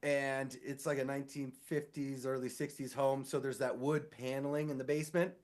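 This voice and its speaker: An animated man spins a story in relaxed podcast chat. He keeps slipping into quick impressions of the people he quotes, and his voice sits in a middle pitch. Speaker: podcast co-host; sewer inspector.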